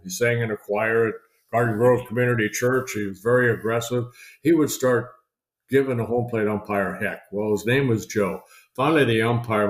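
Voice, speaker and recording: Older man telling rambling stories, roomy sound. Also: lowish voice. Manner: chatty, rambling anecdotes with many fillers and restarts. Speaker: guest, retired baseball pitcher. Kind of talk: storytelling in a podcast interview. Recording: roomy echo.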